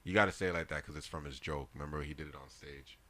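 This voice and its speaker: Deep bright-voiced young man. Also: quick pace. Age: 20s. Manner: loud, laughing, animated storytelling. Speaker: podcast co-host. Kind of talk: casual chat.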